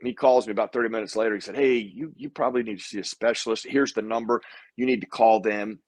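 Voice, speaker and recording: Man, low voice, interview guest, lively storyteller, acts out quoted lines. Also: fast talker, no echo. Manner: animated storyteller who acts out other people's lines. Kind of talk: casual storytelling conversation.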